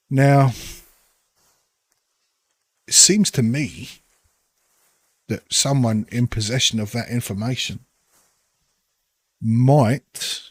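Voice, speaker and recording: A man voicing a jovial, well-liked male townsman who bargains hard for profit, by turns booming and conspiratorial. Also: husky, no room sound. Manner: boisterous, then leaning in to bargain.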